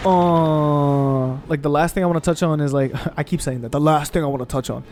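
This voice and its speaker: Expressive, profane young man ranting. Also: fairly high pitch, a little fast, slight background noise. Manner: expressive, profane, animated rants. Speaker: gaming streamer. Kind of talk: casual storytelling over gameplay. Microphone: condenser mic on desk.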